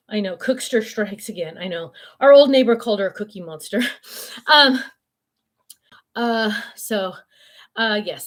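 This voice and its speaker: With a fairly high, expressive voice, an older woman livestreams casually from her home, taking things a little slowly and leaving long pauses. She reads comments from viewers aloud and rambles, dropping in many fillers.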